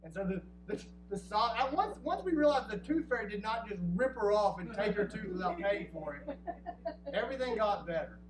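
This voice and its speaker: A man in his thirties telling a funny true story on stage, lively and quick to slip into acted voices. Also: high voice. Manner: animated, jumps into acted voices. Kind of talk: live comic storytelling. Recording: roomy distant live recording with hum.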